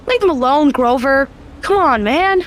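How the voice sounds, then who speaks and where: A woman voicing a frightened little boy in a comedic fan audio drama, pleading shrilly and rushing his words. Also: high voice, expressive. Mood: panicked. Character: whiny little boy, scared and tattling.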